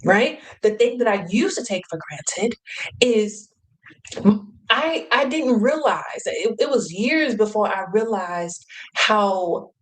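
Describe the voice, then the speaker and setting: Female host, casual motivational storyteller, lively, laughs a lot, acts out quotes. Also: mid-range voice, slow, rough recording.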